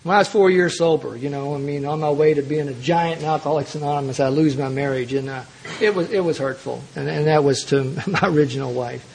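This recovery-meeting speaker relates his own journey with humor, slipping into the voices of the people involved. His voice is a little high, creaky and slightly mellow, delivered fast over a light hiss or hum.

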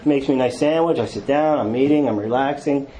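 A man telling his recovery story to an audience, acting out quotes with self-mocking humor and dropping to low, quiet tones in the hard parts. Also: quick pace, low-quality recording. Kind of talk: personal testimony talk to an audience.

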